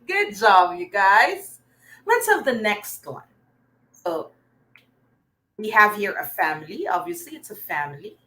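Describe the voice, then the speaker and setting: Bright, upbeat woman teacher. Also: mid-range voice, sing-song, unhurried, pauses often, rough recording. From Philippines. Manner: upbeat, praising, talks to viewers' comments. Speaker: online reading teacher. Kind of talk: livestreamed remedial reading lesson.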